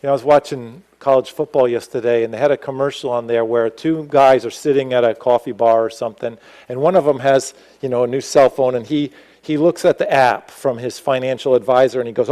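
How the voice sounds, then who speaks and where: A man preaching a sermon as pastor, animated and rising to emphatic exclamations. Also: medium pitch, fairly quick, poor audio.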